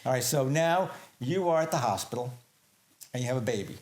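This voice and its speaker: A man's voice: mid-range voice, lively intonation, fairly quick, darkish tone. A man hosting a talk show interview, emphatic and speaking to the audience as folks. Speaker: host.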